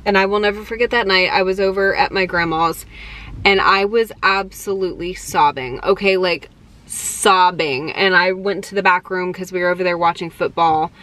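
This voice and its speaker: A young woman vlogger telling excited personal stories in a casual, chatty way, full of fillers. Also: lowish voice, moderate pace. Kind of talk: casual storytelling to camera.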